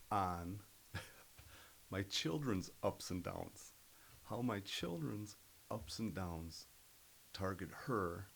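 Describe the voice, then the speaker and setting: A middle-aged man, a podcast guest, telling stories in an earnest, animated way. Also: low voice, vocal fry, slight background noise, poor audio. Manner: earnest, animated storyteller who acts out other people's voices. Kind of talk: casual storytelling interview.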